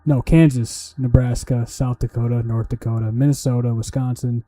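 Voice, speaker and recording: A man with a mellow, medium-pitched voice that barely moves in pitch speaks at normal speed while livestreaming his studying. He mutters to himself, swears, and jokes around with made-up mnemonics.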